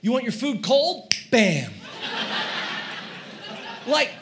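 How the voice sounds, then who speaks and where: High, bright-voiced animated male pastor. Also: very slow, a faint crowd. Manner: animated, acts out quoted shouting. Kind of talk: sermon with comic storytelling.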